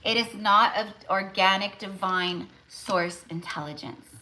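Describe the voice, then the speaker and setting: Bright-voiced, emphatic woman tarot streamer. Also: mid-range voice, measured pace, a little hiss or hum, poor audio. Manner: emphatic, repetitive, lots of "like" and "you know". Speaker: tarot reader hosting a live stream. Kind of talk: casual live-stream chat.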